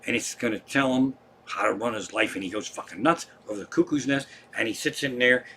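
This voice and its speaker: A man's voice: mid-range voice, a little fast, bright, forceful tone, slight background noise. A man hosting a comedy live stream from home, telling rambling, profane stories in casual chat.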